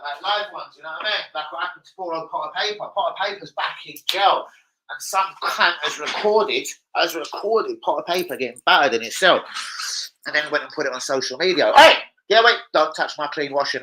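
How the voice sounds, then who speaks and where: A man's voice: high-pitched, sharp tone, a little hiss or hum, poor audio. A young man chatting casually on a live stream at home, swearing freely and bantering with viewers. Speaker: livestreamer.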